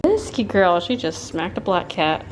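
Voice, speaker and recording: A woman talking to her cats at home in a cooing, affectionate way, with soft laughs. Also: on the low side, big pitch swings, unhurried, slight background noise. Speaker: cat channel host. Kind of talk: casual talk to her cats.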